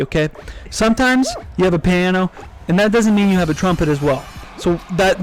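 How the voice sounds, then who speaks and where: Playful young man, mock-serious banter. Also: high voice. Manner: playful, mock-serious, spins absurd sayings. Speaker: co-host. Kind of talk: casual gameplay banter. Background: faint game music.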